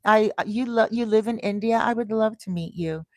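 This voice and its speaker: A woman from Canada in her thirties hosting a casual livestream, telling stories slowly and greeting viewers with bursts of excitement. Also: on the high side, no echo. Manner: slow, deliberate storytelling that turns to bright, excited greetings to viewers. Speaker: livestream host.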